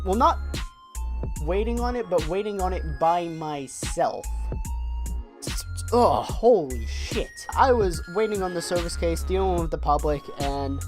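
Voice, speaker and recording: A young man telling a story on his vlog, animated and profane, often repeating words as he gets excited. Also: fairly high pitch. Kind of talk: casual storytime monologue.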